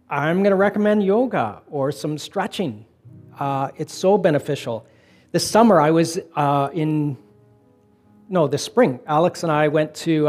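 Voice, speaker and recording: A middle-aged man preaching a conversational sermon, telling personal stories in a relaxed way and slowing down to stress points. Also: a little high. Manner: relaxed storytelling, slowing for emphasis. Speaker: pastor.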